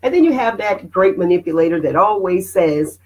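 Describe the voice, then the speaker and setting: A middle-aged woman hosting a casual motivational live stream, animated and preachy, greeting viewers by name. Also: lowish voice, moderate pace, poor audio.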